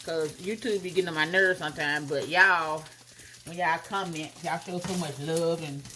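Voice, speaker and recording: A young woman in braces chatting casually to her viewers while she cooks at home, talking straight to them with drawn-out asides. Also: low voice, fairly even intonation, sharp tone, a little hiss or hum. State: wearing new braces, teeth clanging. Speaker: vlogger. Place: home kitchen. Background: food sizzling in a pan.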